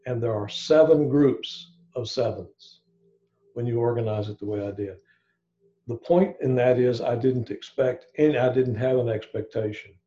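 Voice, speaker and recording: A man's voice: mid-range voice, moderate pace, warm tone, lo-fi sound. A man giving an informal evening Bible study, thinking aloud with frequent restarts and asides.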